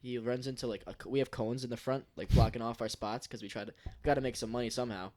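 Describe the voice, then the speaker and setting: A podcast co-host with a medium-pitched, darkish voice rambles through a work story in casual chat, talking fast with fairly even intonation. He swears often and keeps peppering his talk with "dude" and other slang fillers.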